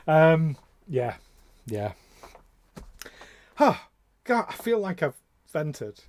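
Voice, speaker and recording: Impassioned and ranting, a male podcast co-host talks casually, stumbling through many fillers and restarts. His fairly high voice is sing-song and a little mellow, drawing out words and pausing often.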